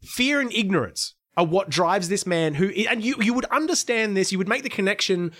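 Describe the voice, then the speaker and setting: A man's voice: high-pitched, animated, a little fast, a bit bright. A man in a casual political chat, ranting heatedly and swearing as he talks.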